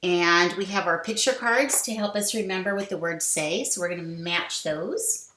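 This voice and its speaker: A woman teaching a phonics lesson to young children, sounding out words slowly with sing-song prompts. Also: lowish voice, pushed and bright, a little hiss or hum. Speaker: kindergarten teacher. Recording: echoey room.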